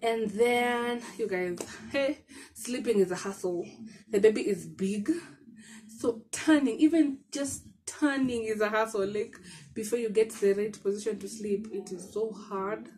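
A chatty woman with a Kenyan accent talks casually to her camera at home. She is short of breath and laughs easily, slipping Swahili words into her talk. Her voice sits at a middle pitch for a woman. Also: measured pace, a little mellow, a little hiss or hum. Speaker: vlogger. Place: bedroom at home.

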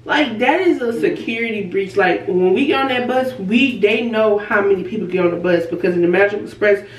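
A woman vlogger casually telling a story, animated, laughing and acting out the people she quotes. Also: medium pitch, fairly quick, dull audio. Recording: roomy and a bit distant from the mic.

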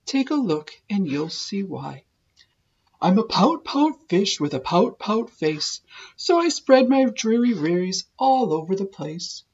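A mopey, resigned male fish from a children's storybook, as a woman reads him aloud. He drags through his sing-song rhymes slowly, his husky voice drooping at the end of each line. The recording is dull and lo-fi. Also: medium pitch, sing-song, a little mellow, full character voice. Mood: glum.

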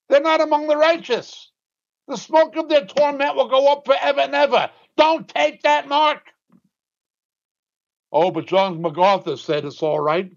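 A man with a high voice preaches with emphatic, insistent force. He drives his points home with sudden drops in pitch. The recording sounds dull and lo-fi. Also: fairly bright tone. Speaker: Bible teacher. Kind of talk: sermon.

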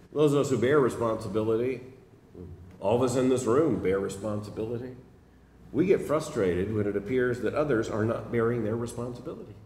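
A middle-aged man delivers a chapel sermon, pressing his points by repeating phrases. His mid-pitched voice carries through a large hall with a long, ringing reverb. A faint hum of room ambience sits under his words. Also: darkish tone. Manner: emphatic, repeats phrases for stress. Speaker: preacher. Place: seminary chapel. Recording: echoey hall from a distance.

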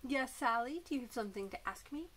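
Woman voicing a calm, kind teacher. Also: fairly high pitch, fast, slight background noise. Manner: calm and praising.

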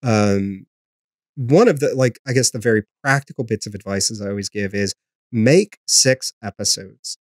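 A man's voice: on the low side, normal speed, no room sound, clean studio sound. A man, a podcast host, answering questions in a casual, rambling way, with lots of ums and restarts. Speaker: podcast host being interviewed. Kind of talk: casual conversational interview.

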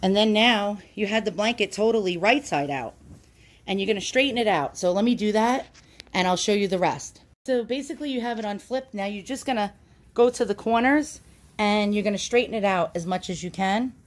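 A woman's voice: mid-range voice, fairly quick. A chatty woman talks through a home demonstration, recorded indoors on a phone she holds in one hand. She is casual and self-deprecating, with lots of ums and uhs as she goes. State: out of breath at times. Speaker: YouTube channel host. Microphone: handheld phone.

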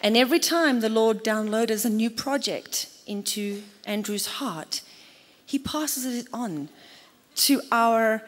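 A woman's voice: a little high, takes it slowly. A woman with a South African accent, speaking enthusiastically as she introduces the next speakers at a rally. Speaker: ministry staff, event host. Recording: reverberant hall.

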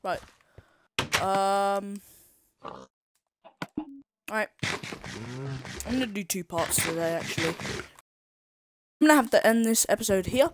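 A woman giving rambling, excitable gameplay commentary, talking to herself and swearing at the game. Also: medium pitch, slow, pauses often, very noisy. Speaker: gameplay video creator.

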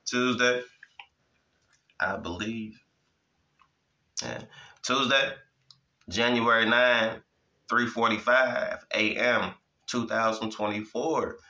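A man's voice: medium pitch, sharp tone, echoey room, poor audio. A man giving an informal Bible teaching, preaching in a casual way, often asking "you hear me?" and chuckling. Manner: repeats "you hear me?" and "listen to me", chuckling, conversational.

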